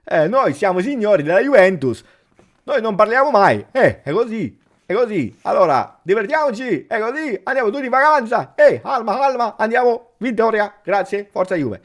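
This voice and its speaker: A man's voice: high voice, sing-song, a little fast, pitched above the performer's own voice. A man with an Italian accent impersonating a smug, dismissive football coach who drawls "eh". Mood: smug dismissal.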